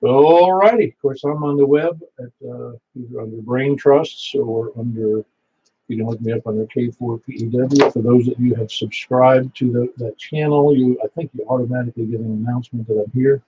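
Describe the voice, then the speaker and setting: A man's voice: medium pitch, fairly even intonation, moderate pace. Folksy man running a radio net. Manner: folksy, rambling, repeats details to confirm them. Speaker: net control operator for an amateur radio net. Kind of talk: casual radio net announcements. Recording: slightly dull sound with faint hiss.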